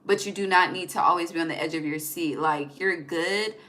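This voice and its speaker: A woman's voice: lowish voice, a little fast, pushed and bright. A young woman giving a casual tarot reading, chatty and profane, often laughing and trailing off mid-thought. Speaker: tarot reader.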